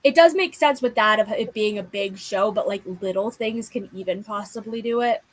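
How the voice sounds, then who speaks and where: A woman's voice: mid-range voice, normal speed, no room sound, poor audio. A young woman hosting a casual book chat, rambling and leaning on lots of fillers. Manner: rambling, heavy use of filler like. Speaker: booktube host.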